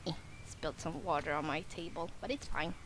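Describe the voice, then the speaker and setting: A woman's voice: deep voice, a little fast, background noise. A woman hosting a let's play, chatting playfully and casually about the game as she plays. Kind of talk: casual gameplay commentary.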